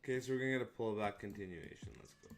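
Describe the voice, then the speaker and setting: A man's voice: on the low side, rapid-fire, heavy background noise. A man hosting a live trading stream, chatting casually in a joking, hyped, slangy way with some swearing. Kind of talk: casual live-stream chat over charts.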